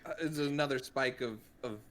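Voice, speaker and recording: A man's voice: mid-range voice, moderate pace, heavy background noise. A man playing a tabletop role-playing game, talking casually and hesitantly with many ums and likes. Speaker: player.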